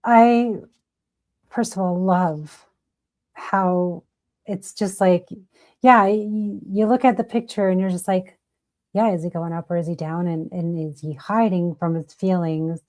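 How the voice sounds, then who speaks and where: A woman's voice: on the low side, steady tone, a little slow, dark tone. A woman hosting an interview in a chatty, playful way. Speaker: radio host. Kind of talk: casual interview.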